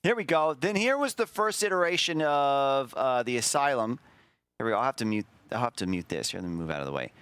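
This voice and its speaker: A man's voice: mid-range voice, lively intonation, brisk, fairly bright tone, clean tone, no room sound. A man hosting a stream in casual chat, rambling and self-deprecating as he looks back. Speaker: streamer host.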